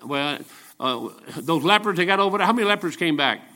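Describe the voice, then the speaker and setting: A man's voice: on the high side, expressive, fairly quick, pushed and bright. A man of seventy preaching a folksy, joking sermon full of personal stories. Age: 70s. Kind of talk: storytelling sermon.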